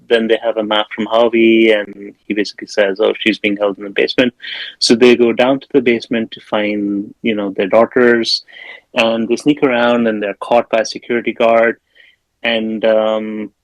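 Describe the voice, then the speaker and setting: A man's voice: medium pitch, dry recording, rough recording. A man casually recapping a film plot on a podcast, rambling with plenty of fillers and restarts. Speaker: podcast host.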